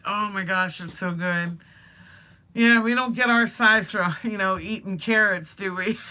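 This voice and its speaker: In a casual livestream, the woman host chats warmly and folksily while reading viewers' comments out loud. Her medium-pitched voice comes across pushed and bright.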